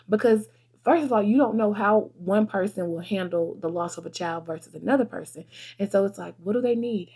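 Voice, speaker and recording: A woman's voice: medium pitch, dark tone, husky. A woman, chatting earnestly and heartfelt to her viewers at her desk. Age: 30s. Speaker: vlogger and photographer. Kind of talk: casual desk chat to camera.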